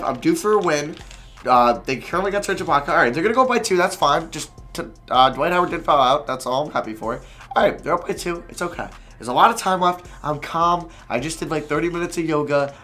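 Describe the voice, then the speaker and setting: A man giving live commentary over his own basketball video game, excitable and quick to frustrated outbursts. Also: a little high. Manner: excitable, swings between calm and frustrated outbursts; swears and groans at misses.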